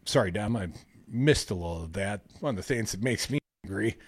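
Husky man reading news with jokes. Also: lowish voice, fairly quick, no echo. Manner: animated, reads news aloud, jokey asides. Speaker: podcast co-host. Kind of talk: casual news chat.

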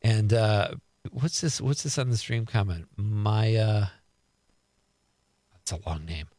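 A man's voice: lowish voice, slow pace, a little mellow, dry recording. A middle-aged man hosting a radio show, chatting casually as he reads listener texts aloud and riffs on each one.

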